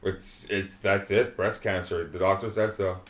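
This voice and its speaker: A man with a lowish voice retells movie scenes in a casual podcast chat, slipping into mock quotes as he goes. He sounds animated and incredulous. His voice bounces around a roomy, echoey space. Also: measured pace. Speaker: podcast co-host. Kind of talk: casual film-review chat. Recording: roomy echo.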